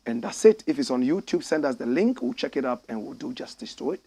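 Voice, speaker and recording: A middle-aged man with a Ghanaian English accent, hosting a political commentary show with fiery, preaching delivery that climbs to shouts. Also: mid-range voice, expressive, quick pace, breathy edge, no room sound.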